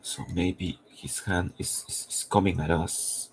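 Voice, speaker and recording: A low-voiced man with a gravelly, strained edge talks through his drawing on a live stream. He is losing his voice and thinks aloud in a slow, halting way that wanders as he works. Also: fairly even intonation, slight background noise. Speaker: comic artist.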